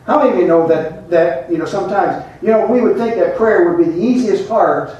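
A pastor delivers a folksy, conversational sermon in a church sanctuary, turning aside now and then to address the congregation. His voice sits high and is mellow and fairly quick. The recording is muffled, with the echo of the church caught from a distant mic.

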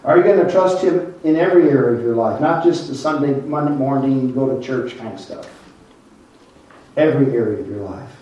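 Older male pastor preaching, dark mellow voice, far from the mic, echoey church. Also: mid-range voice, highs cut off. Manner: preaching, calls on the congregation, slows down for emphasis. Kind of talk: sermon.

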